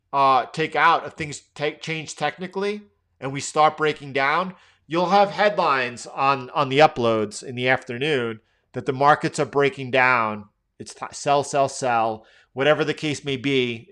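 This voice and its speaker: A man's voice: mid-range voice, bright, forceful tone. A middle-aged man hosting a live trading stream, thinking aloud through chart commentary with lots of fillers and restarts.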